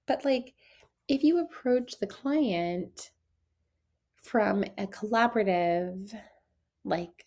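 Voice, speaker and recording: Young woman podcast host, chatty, lots of vocal fry, acts out little dialogues. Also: medium pitch, slow, long pauses. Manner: chatty and animated, many "like"s, laughs often, acts out quoted dialogue. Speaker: podcast host, esthetician coach. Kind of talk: casual solo podcast talk.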